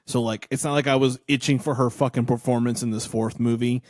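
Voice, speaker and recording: A man co-hosting a horror podcast in loose, profane chat. His voice sits at an ordinary pitch, recorded dry and close. He jumps into mock outrage and exaggerated disbelief. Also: brisk, dry recording. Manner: animated, swearing, mock-outraged. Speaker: podcast co-host. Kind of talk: casual chat.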